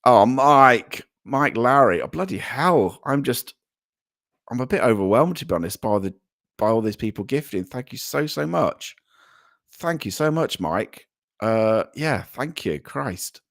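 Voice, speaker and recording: Brief: British male livestream host, lowish voice, rambling and chatty, close dry mic. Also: fairly bright tone, dry recording. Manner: chatty, rambling, with frequent ums and laughs; effusive thanks, voice jumping up for donors. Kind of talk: casual live chat, reading viewer comments.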